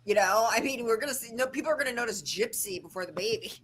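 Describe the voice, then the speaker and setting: A woman co-hosting a casual live gossip chat, animated and sarcastic. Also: a little high, fast, slight background noise, rough recording. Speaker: co-host.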